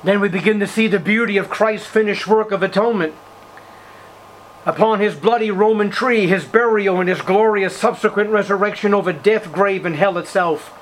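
Older male preacher, high-voiced and fervent, moving from booming to hushed. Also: moderate pace, slight background noise, low-quality recording. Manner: fervent, swinging between loud outbursts and hushed passages. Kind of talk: sermon. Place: church service.

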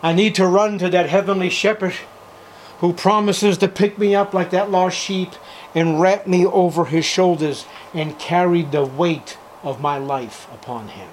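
Fervent older male preacher, high voice. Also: unhurried, a little hiss or hum, poor audio. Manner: fervent, swinging between loud outbursts and hushed passages. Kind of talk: sermon. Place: church service.

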